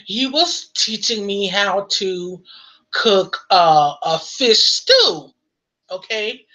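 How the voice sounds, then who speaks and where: An American woman telling a story in a casual, animated way, full of "you know" and laughter. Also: medium pitch, drawn-out words, rough recording. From United States. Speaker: vlogger.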